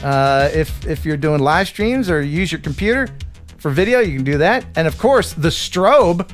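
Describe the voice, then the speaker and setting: An animated, laughing man hosts a casual live stream, his pitch swinging up and down a lot. Music plays faintly behind him. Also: normal speed. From United States. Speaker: host.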